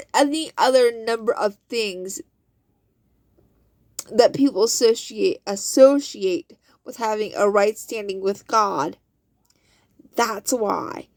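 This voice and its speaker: A woman's voice: a little high, dry recording. A woman hosting a casual Bible study, talking in a conversational way and building to fervent, preachy exhortation. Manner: conversational with fillers.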